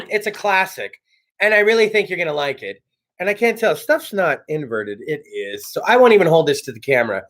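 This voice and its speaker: A man from South Texas hosting a casual talk show, loud, excitable and profane, often bursting into shouts while plugging sponsors. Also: fairly high pitch, a little fast.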